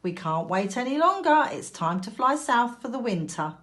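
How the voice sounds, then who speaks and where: A woman voicing a fussy, loving mother duck in a storybook reading, firm and motherly, a little higher and louder than her narration. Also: lively intonation, measured pace.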